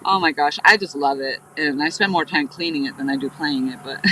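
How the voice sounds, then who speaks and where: A woman's voice: deep voice, fairly quick, sharp tone, a little hiss or hum, poor audio. A woman from New Hampshire hosting a casual live stream while fishing, rambling through stories and greeting viewers by name. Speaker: livestream host. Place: outdoors on a riverbank, fishing.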